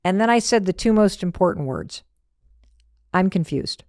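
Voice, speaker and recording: A middle-aged woman hosting a podcast, telling a story in an animated motivational talk that drops to whispered asides. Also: mid-range voice, brisk, dry recording, clean studio sound. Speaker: podcast host.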